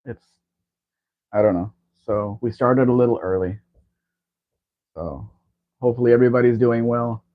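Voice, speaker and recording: A man's voice: mid-range voice, moderate pace, pauses often. A man hosting a casual livestream chat, talking in a rambling, chatty way. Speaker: livestream host. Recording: dull lo-fi stream audio.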